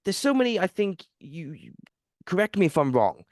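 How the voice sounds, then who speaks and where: A man hosting a podcast, asking a question in a halting way with many fillers. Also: high voice, sing-song, a little mellow, no echo, clean studio sound. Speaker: podcast host. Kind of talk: interview question.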